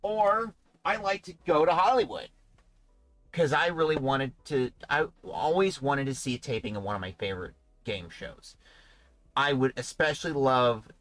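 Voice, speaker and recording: A man's voice: medium pitch, expressive, normal speed, fairly bright tone, no room sound, rough recording. A man hosting a casual livestream podcast, talking in a rambling, chatty way. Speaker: podcast host.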